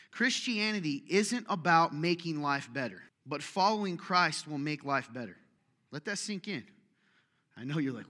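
A man's voice: fairly high pitch, lively intonation, moderate pace, pushed and bright. A male pastor preaching a sermon in a church, joking with and teasing the congregation between emphatic calls. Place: church hall.

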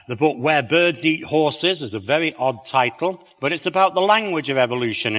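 A man's voice: mid-range voice, fairly bright tone, big-room sound. A middle-aged man with a British accent and a slight lisp, giving a chatty talk to an audience with wry asides and many fillers. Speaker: creationist speaker.

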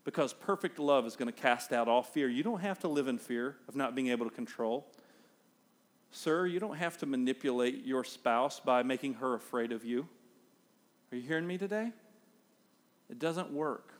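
A middle-aged man preaching a sermon as pastor, acting out everyday scenes in a raised, animated voice. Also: medium pitch, moderate pace, in a large hall.

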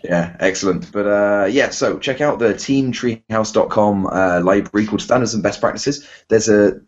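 A very low-voiced man with a husky edge and a Bristol accent chats on a podcast. He rambles, restarts and pokes fun at himself. The sound is dull and lo-fi. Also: a little mellow. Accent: Bristol English. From England. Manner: rambling, self-deprecating, many fillers and restarts. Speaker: podcast host. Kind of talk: casual chat.

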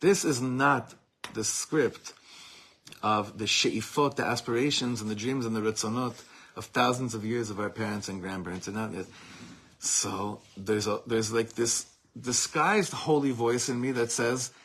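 A man's voice: mid-range voice, unhurried, fairly bright tone, husky. A man teaching a Torah lesson as a rabbi, speaking with passion and emphasis, repeating phrases for force and mixing Hebrew terms into his English.

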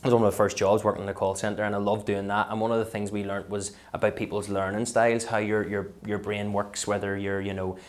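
A comedian from Belfast talks in a low, relaxed voice with a clear local accent. He tells his stories in a lively way and keeps breaking into little voices and impressions. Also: quick pace, hardly any pauses. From West Belfast, Northern Ireland. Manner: lively storyteller who slips into voices. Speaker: comedian, podcast guest. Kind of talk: casual interview chat.

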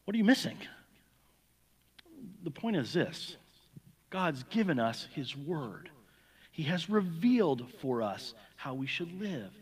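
A man's voice: fairly high pitch, very animated, slow pace, breathy edge. A man preaching an earnest, emphatic sermon that weaves in an illustrative story. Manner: earnest, emphatic, repeats words. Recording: long hall reverb.

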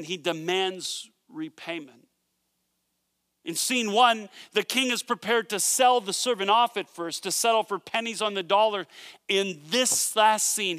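A man preaches, retelling a parable in a lively storytelling way and dropping joking asides along the way. His voice sits high for a man and sounds bright and forceful. The sound is close and dry, with no room echo. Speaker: pastor. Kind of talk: sermon.

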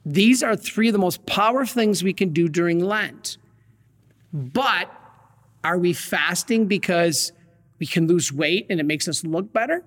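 A Catholic priest giving a conversational sermon, telling stories with folksy asides and light humor. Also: male voice, high-pitched, animated, a little slow, a bit bright, long reverb tail.

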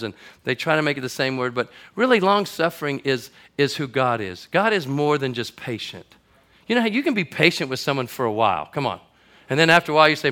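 Bright-voiced man preaching a sermon. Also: on the high side. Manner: conversational preaching, builds from quiet to loud and emphatic. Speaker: pastor.

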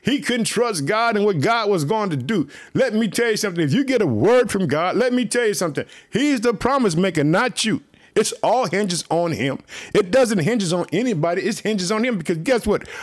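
A man with a high voice preaches an earnest sermon. He keeps coming back to the same rallying phrases and talks straight to his listeners as family. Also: animated, moderate pace. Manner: repetitive, exhorting, keeps saying "let me tell you something"; speaks directly to listeners as family. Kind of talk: fervent online sermon.

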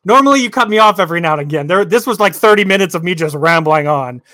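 A man's voice: high voice, lively intonation, fast talker, sharp tone, no echo. A man co-hosting a sports podcast, talking casually and ranting with lots of repeated words. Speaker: podcast co-host.

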